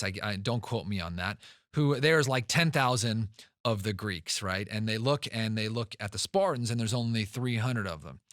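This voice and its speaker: This man's voice sits at a medium pitch with a fairly bright tone, captured in a dry, studio-quality recording. Hosting his podcast as a real estate investor, he tells stories with emphasis and leans on repeated words for stress.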